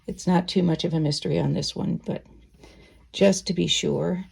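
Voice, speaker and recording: A woman teaching quilting in a relaxed, chatty way, thinking aloud as she sews. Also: fairly low pitch, normal speed, vocal fry, slightly rough. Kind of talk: casual sewing tutorial.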